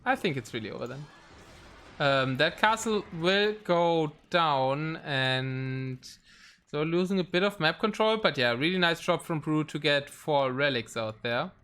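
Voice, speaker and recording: High bright-sounding guy casting a live game, excitable, rambles with lots of ums. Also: measured pace, smooth. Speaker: game caster. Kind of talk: live esports commentary.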